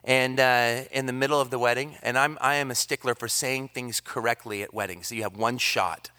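Bright-voiced preaching man, fervent. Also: mid-range voice, fairly quick, clear, resonant tone. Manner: energetic preaching, swings from loud emphasis to hushed near-whisper. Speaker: pastor. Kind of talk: sermon. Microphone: handheld or stand microphone.

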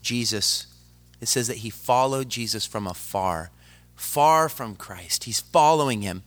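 A male preacher delivering a dramatic sermon that swings from loud to hushed and speaks straight to the congregation. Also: mid-range voice, measured pace. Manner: addresses the congregation directly.

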